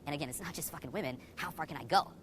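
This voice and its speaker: Fast, foul-mouthed young dating coach, male. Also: fairly high pitch, fairly bright tone, slight background noise. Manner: profane, heavy on "you know" fillers. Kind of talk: candid personal story told to camera.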